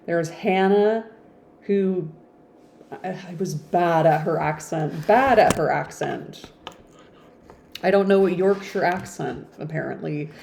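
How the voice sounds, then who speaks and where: Mellow, chatty woman reading aloud. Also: on the low side, slow pace, creaky, pauses often, slight background noise. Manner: chatty, playful, self-deprecating asides. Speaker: reader of a classic novel. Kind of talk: casual audiobook reading with chatty asides.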